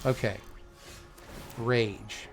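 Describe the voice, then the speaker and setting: A young man giving live commentary on his own card game, excitable and muttering, groaning at bad draws. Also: lowish voice, drawn-out words, faint music behind. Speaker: gaming content creator.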